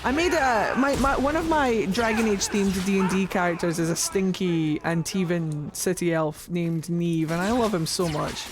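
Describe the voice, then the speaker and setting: A woman streaming a video game, chatting excitably and swearing freely. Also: on the low side, normal speed, few pauses, background noise. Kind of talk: live gameplay commentary.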